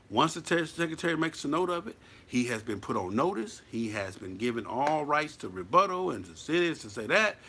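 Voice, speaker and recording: A man's voice: on the high side, animated, a little fast, hardly any pauses, bright, forceful tone, a little hiss or hum. A man giving blunt, profane, preachy advice as a motorcycle club member in a casual monologue.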